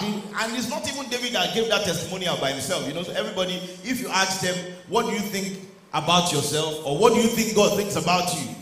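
A man's voice: on the high side, fairly bright tone. Male pastor, sermon delivery that builds to emphatic peaks, roomy echo. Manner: preaching, reading scripture aloud, building to emphatic peaks. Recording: echoey room with faint ambient noise.

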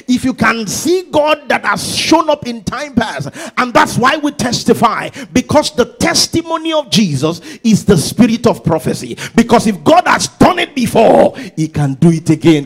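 A man preaching a sermon who swings between sung-out, shouted exclamations and low, conversational asides, often repeating words and restarting phrases. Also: very animated, normal speed, few pauses, slightly rough.

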